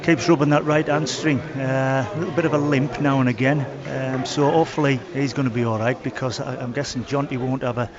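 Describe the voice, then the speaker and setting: A man's voice: medium pitch, steady tone. Hesitant man analysing a rugby match. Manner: halting, many fillers and restarts. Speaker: expert co-commentator. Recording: lo-fi radio with crowd behind. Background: stadium crowd.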